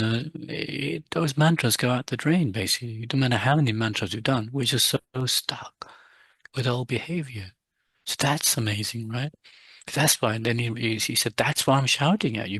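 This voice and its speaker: Husky-voiced man giving a dharma talk. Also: medium pitch, fairly bright tone, no room sound. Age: middle-aged. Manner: conversational, many restarts, quotes his teacher with raised voice. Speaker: Buddhist teacher.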